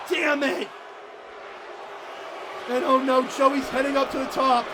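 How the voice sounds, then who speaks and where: A man calling a wrestling match as commentator who openly takes sides and yells in protest at the action. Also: extremely high pitch, little pitch movement, takes it slowly, pauses often. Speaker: play-by-play commentator. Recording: loud crowd and arena noise.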